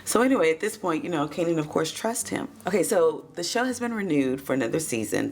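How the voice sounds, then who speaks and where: A woman with a low, gravelly voice recaps a TV episode in a chatty, gossipy way. Her pitch swoops up and down as she talks, and she keeps calling the listeners baby and child. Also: expressive, fast, hardly any pauses, a little mellow.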